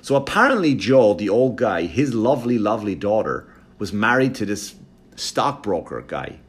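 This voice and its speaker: A man hosting his podcast as a comedian, telling a profane, animated story. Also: fairly low pitch, normal speed. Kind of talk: casual storytelling monologue.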